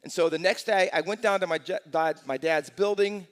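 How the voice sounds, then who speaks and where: Energetic older preacher in an echoing hall. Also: male voice, high voice, a little fast. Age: 60s. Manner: energetic storytelling with rhetorical questions. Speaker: pastor. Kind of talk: sermon. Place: church sanctuary. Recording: long church hall reverb.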